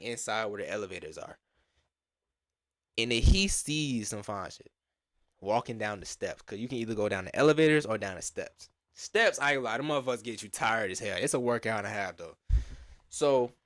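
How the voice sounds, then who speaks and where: Animated young man telling a storytime. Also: medium pitch, dry recording, clean studio sound. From Atlanta. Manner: animated slangy storytelling with lots of acted-out quotes. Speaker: storyteller vlogger. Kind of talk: casual storytime.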